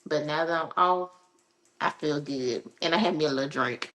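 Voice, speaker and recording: A woman from Alabama with a Southern accent, a travel nurse chatting as a podcast guest, laid-back and quick to laugh. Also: deep voice, fairly bright tone, poor audio. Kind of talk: casual podcast chat.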